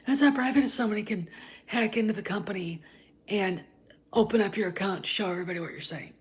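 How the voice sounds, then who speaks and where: A woman hosting a commentary vlog, ranting in a heated, scornful way, often tagging "okay?" and dropping into breathy near-whispered asides. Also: medium pitch, quick pace. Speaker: channel host.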